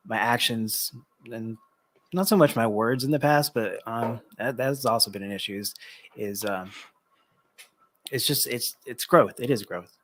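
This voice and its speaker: A man appearing as a guest, speaking softly and hesitantly with many ums in a reflective conversation. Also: lowish voice.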